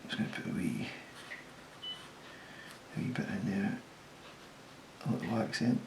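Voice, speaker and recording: A man with a low, gravelly voice talks through his sketch in a relaxed way, thinking aloud and catching his own slips. He sometimes drops to a mutter while he works. A steady hiss of noise sits under the recording. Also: normal speed. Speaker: designer sketching on camera. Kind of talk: casual commentary while sketching.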